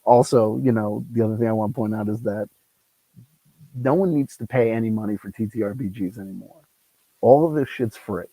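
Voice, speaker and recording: A man's voice: on the low side, brisk, warm tone, no echo, low-quality recording. Rambling, ranty man on a lapel mic. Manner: rambling, ranty, swears freely. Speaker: solo tabletop game player and channel host. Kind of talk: casual solo game commentary.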